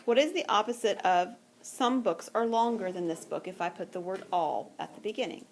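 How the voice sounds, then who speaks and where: A woman's voice: mid-range voice, moderate pace. Female math teacher, mid-range voice, patient and chatty, checks in with the class; faint background hiss. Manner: patient, conversational, checks in with students often. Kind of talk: classroom lecture.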